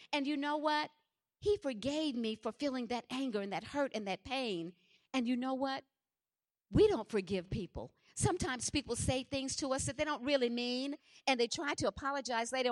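Middle-aged woman preacher, fervent sermon delivery, fairly high voice, builds from soft to loud. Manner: impassioned, repetitive, swings from hushed to loud.

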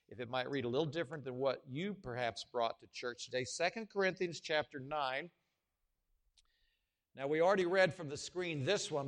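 A man preaching a sermon, swinging between hushed, low passages and loud, emphatic call-and-response questions to the congregation. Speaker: pastor.

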